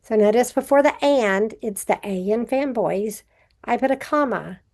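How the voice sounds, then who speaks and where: A woman teacher records a grammar review for students. Her voice sits a little high with a gravelly fry, and she explains patiently, one step at a time. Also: normal speed, darkish tone.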